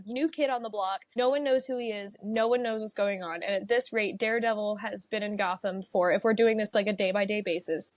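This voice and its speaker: A woman's voice: on the high side, no echo. A woman co-hosting a casual podcast, thinking aloud in a thoughtful, hedging way. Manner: thoughtful, hedging, laughs often. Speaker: podcast co-host.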